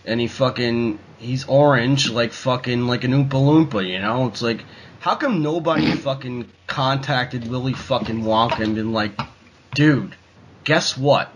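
A man's voice: medium pitch, normal speed, slight background noise, rough recording. A man ranting in a casual talk show, swearing constantly and rambling with lots of fillers. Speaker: podcast co-host. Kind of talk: profane casual rant.

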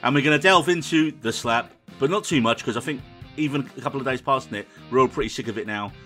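Fast-talking podcast host. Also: male voice, medium pitch, pushed and bright, faint music behind. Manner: quick, dry and teasing, running the episode rundown. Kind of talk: casual podcast chat.

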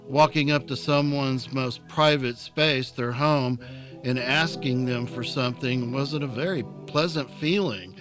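A man narrating an audiobook chapter in a calm, unhurried storytelling manner. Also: mid-range voice.

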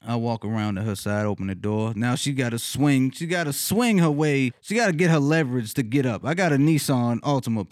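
Animated man telling a profane story. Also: dry recording, studio quality. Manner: animated, jumps high in pitch when retelling his reactions; laughs often mid-sentence.

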